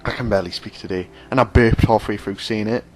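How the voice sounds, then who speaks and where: A man's voice: lowish voice, steady tone, fast talker, a little mellow, a little hiss or hum. A man commentating over his own racing game, rambling, sarcastic and mocking himself. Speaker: gaming commentator.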